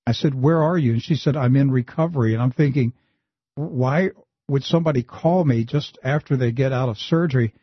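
A man hosting a Christian talk show, telling a story in an animated way and often pushing his voice up high for emphasis. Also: brisk, husky, dry recording, lo-fi sound. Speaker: host.

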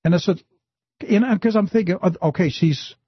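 A man hosting a Christian talk show, telling a story in an animated way and often pushing his voice up high for emphasis. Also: normal speed, husky, dry recording, muffled recording. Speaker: host.

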